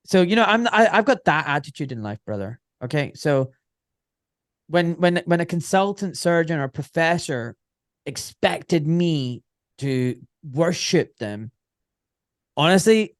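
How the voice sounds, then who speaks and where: Blunt, animated middle-aged man, slightly high voice, dry close sound, candid guest storyteller. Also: dry recording. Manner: animated, blunt, swears, acts out quoted voices. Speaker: guest, orthopaedic surgeon.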